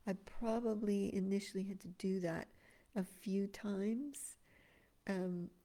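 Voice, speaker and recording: A woman spiritual teacher giving an expressive energy-work talk to an online group, dropping to a breathy whisper in places. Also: mid-range voice.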